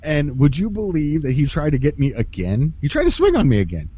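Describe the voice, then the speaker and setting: A man's voice: fairly high pitch, huge pitch swings, brisk, dark tone, breathy edge. A man telling a story in casual podcast chat, swearing freely, laughing often and acting out what people said. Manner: profane, laughs often, acts out quotes. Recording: dull lo-fi podcast audio.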